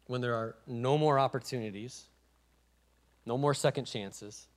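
A middle-aged man with a Midwestern American accent preaching a sermon as pastor, moving from hushed storytelling to loud, stammering pleading. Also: mid-range voice, unhurried. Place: church sanctuary.

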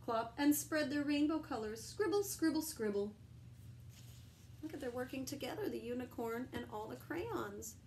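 Woman teacher, storybook read-aloud, gentle, questions for kids, higher voice. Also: a little hiss or hum, low-quality recording. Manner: gentle, asks children questions.

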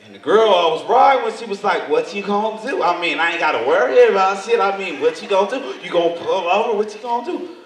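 A man doing stand-up comedy in a large hall, telling his story loudly and with lots of swearing. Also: sits high, fast. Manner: loud, profane, animated storytelling. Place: large hall in front of a live audience. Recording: echoey hall, voice from far, noisy.

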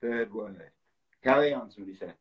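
A man's voice: on the low side, brisk, husky. A man hosting a casual live stream, acting out film titles and reading out viewers' guesses as they come in. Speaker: host of an Instagram live stream. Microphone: phone. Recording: lo-fi phone live stream audio.

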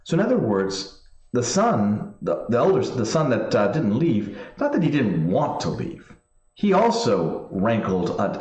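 A man, a priest, slowly reading scripture and then explaining it in plain spoken asides. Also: mid-range voice, a little mellow, highs cut off. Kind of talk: Bible study commentary. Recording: echoey room sound.

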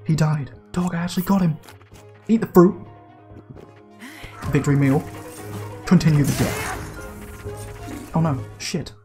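A man giving casual gameplay commentary, excitable and slangy, swearing and yelping as he plays. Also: a little high, measured pace, long pauses, faint music behind. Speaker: let's play gamer.

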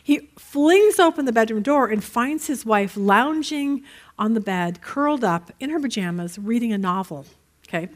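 A woman's voice: on the high side, normal speed. A woman teaching a Bible study in a conversational way, telling stories and checking in with her listeners. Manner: chatty, checks in with listeners with "okay?"; lively storyteller.

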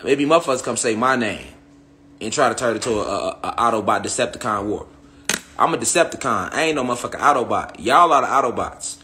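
A man's voice: medium pitch, animated, quick pace, pushed and bright, a little hiss or hum. A young man delivering a heated, profane monologue rant to his online followers, repeating himself and firing off tag questions. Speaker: online spiritual commentator.

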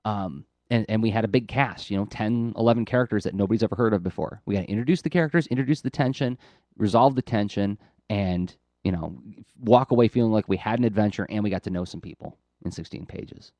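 A man's voice: lowish voice, quick pace, mellow, no room sound. A man co-hosting an art podcast, talking casually and enthusiastically with lots of fillers and restarts. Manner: enthusiastic, rambling, frequent fillers. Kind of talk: casual explaining chat. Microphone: close podcast mic.

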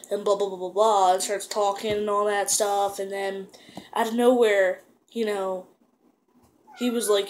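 A woman casually recapping a wrestling show, rambling with lots of fillers and restarts and getting excited as she goes. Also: medium pitch, normal speed.

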